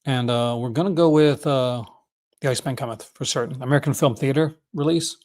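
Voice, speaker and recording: A man's voice: medium pitch, a little fast, a little mellow. A man hosting a casual livestream, rambling enthusiastically and often correcting himself mid-sentence. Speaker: host.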